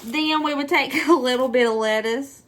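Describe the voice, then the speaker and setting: A woman's voice: high-pitched, normal speed, fairly bright tone, a little hiss or hum. A middle-aged woman with a Southern US accent, chatting nostalgically through a casual home cooking vlog and laughing often. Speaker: cooking vlogger.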